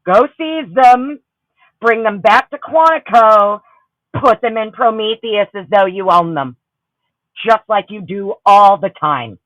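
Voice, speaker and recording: A woman's voice: medium pitch, unhurried, fairly bright tone, dry recording, dull audio. A woman hosting a livestream, ranting heatedly and with lots of swearing while greeting her chatters. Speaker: livestream host. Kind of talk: profane ranting livestream chat.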